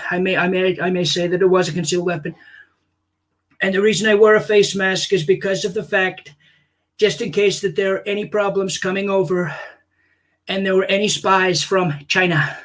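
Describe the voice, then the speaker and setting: A man's voice: sits high, little pitch movement, a bit bright. A comedian voicing a boastful older male politician who rambles and praises himself. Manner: pompous, repetitive, drawn-out boasting. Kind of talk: comic impression on a livestream.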